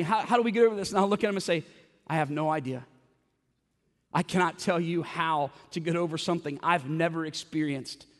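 A man preaching a sermon at a church service in a conversational way, asking rhetorical questions and often repeating words as he goes. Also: high voice. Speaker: pastor. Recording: long hall reverb.

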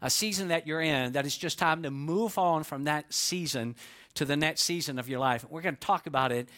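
A man's voice: fairly high pitch, a little fast, a bit bright. A man preaching a sermon as pastor, conversational and folksy, telling a joke story before the message. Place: church.

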